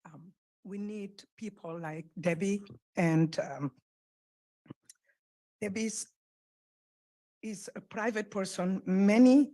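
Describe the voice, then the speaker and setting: A woman's voice: lowish voice, a little mellow. Earnest woman with a French accent. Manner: earnest, halting, with pauses and restarts. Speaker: public commenter. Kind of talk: public comment at a council meeting. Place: council chamber. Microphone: podium microphone, close.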